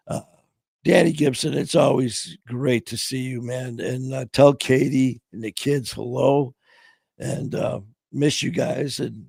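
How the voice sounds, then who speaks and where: A middle-aged man hosting a casual live-stream chat, his voice going hoarse, talking in a loose, heartfelt way full of "man" and "you know". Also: medium pitch, darkish tone, no room sound. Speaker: podcast host.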